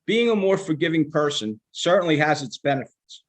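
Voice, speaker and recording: An older man giving a sermon in a measured, emphatic manner, slowing down to stress quoted scripture. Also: on the high side, expressive. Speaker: rabbinical student giving a sermon.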